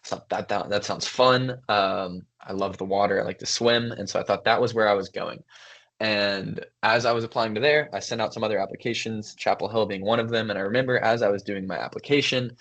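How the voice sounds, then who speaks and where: A young man co-hosting a podcast, telling stories in an easy, thoughtful way with frequent pauses and fillers. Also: on the low side, steady tone, a bit bright. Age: young adult. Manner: thoughtful, storytelling, many fillers. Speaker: podcast co-host, son. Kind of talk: casual conversation.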